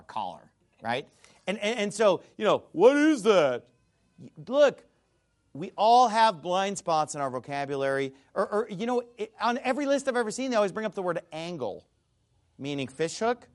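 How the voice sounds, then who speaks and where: A man with a high voice that swoops all over as he talks. He gives an emphatic, scornful monologue, repeating words as he pushes ahead, and breaks into loud shouts. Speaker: Bible commentator. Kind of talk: animated video monologue.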